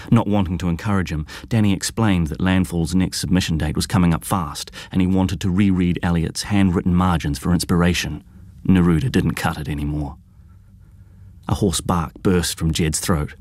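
A man giving measured, scripted audiobook narration of a story. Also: low voice, a little mellow, dry recording.

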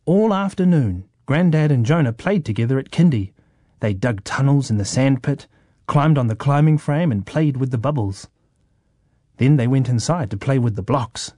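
A man reading a children's story in a calm, measured way. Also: mid-range voice, no room sound, studio quality.

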